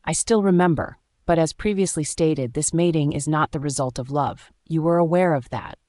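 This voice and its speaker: The narrator reads the lines of a cold, dismissive male Alpha werewolf in a flat, even voice. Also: mid-range voice, normal speed, dry recording, clean studio sound, lightly acted.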